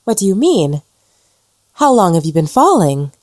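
A woman voicing a bewildered, lonely young woman ghost who speaks in breathless, excited bursts. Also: fairly low pitch, normal speed, dry recording, clean studio sound, pitched above the performer's own voice. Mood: questioning.

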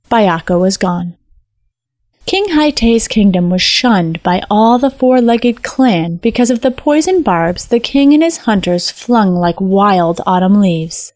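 Woman narrator, lyrical fairy-tale reading, mid pitch, dry recording. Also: darkish tone, no echo. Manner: measured, lyrical storytelling. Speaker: storyteller. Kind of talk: scripted narration.

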